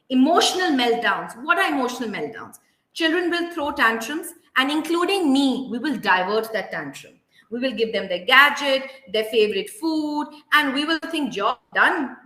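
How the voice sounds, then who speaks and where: A woman's voice: a little high, bright, forceful tone. Earnest Indian English woman, roomy sound. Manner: earnest, emphatic, slows down to stress key points. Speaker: parenting educator. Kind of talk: workshop talk to parents and teachers. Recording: roomy echo.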